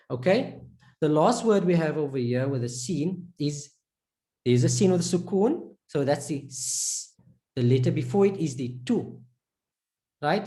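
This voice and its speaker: Speaking in a deep, dark-toned voice, a woman walks a learner through Arabic letter sounds one step at a time. She repeats every syllable with patience and offers encouraging praise such as "excellent" and "perfect" as the learner improves.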